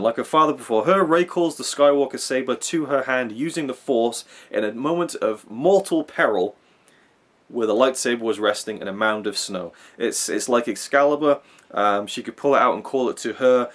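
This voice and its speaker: A man hosting a film review channel, talking in a casual, rambling way and often repeating or restarting words. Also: mid-range voice. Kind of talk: casual fan commentary countdown.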